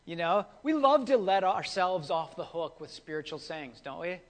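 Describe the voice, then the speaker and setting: A man preaching a sermon as pastor, conversational and animated, with playful asides between scripture readings. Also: high voice, normal speed, big-room sound.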